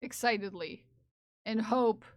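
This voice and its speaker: A woman live streamer chats casually and playfully with her viewers, often giggling and teasing them. Her voice is a little high and slow, and the recording has no echo.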